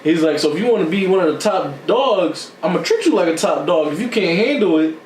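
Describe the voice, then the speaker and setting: Man co-host, casual storyteller, pitched a bit high, miked from a distance in an echoey room. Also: fairly quick, a little hiss or hum. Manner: animated storytelling, acts out quotes with sudden pitch jumps. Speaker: podcast co-host. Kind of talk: casual chat.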